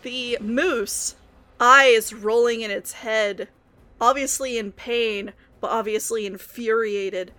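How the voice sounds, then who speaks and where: A woman's voice: on the high side, steady tone, slow pace, bright, forceful tone. A woman running a tabletop game as game master, narrating the action in vivid detail.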